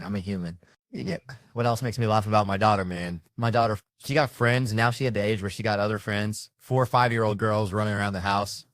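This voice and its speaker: A man doing stand-up comedy, telling stories in a loose, conversational way with animated asides. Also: lowish voice, dry recording, studio quality.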